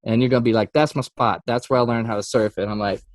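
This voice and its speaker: A man who is a Christian music artist, telling a story in a casual interview. He acts out quotes with sudden jumps in pitch and laughs often. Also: steady tone, quick pace, dry recording.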